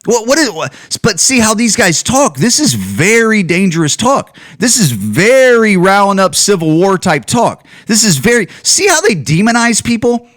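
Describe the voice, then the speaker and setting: A man rants on his own podcast, talking into a home microphone. He swears often and keeps restarting his sentences. His voice sits slightly high and swings widely in pitch. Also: sing-song, moderate pace, few pauses, a bit bright. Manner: heated, profane, with many restarts and repeated words. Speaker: podcast host. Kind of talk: ranting solo podcast commentary.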